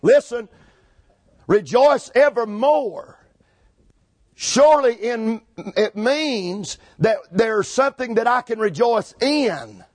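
A high-pitched preacher in full flow, hammering words again and again as he climbs toward shouting. The sound is dry and close, with almost no room around it. He sounds middle-aged. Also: animated, takes it slowly, no echo. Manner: rhythmic, repetitive, builds to shouting. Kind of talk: fiery Pentecostal-style sermon.

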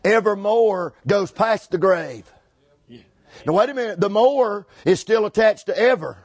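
A high-pitched preacher in full flow, hammering words again and again as he climbs toward shouting. The sound is dry and close, with almost no room around it. He sounds middle-aged. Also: a little slow, dry recording. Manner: rhythmic, repetitive, builds to shouting. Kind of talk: fiery Pentecostal-style sermon.

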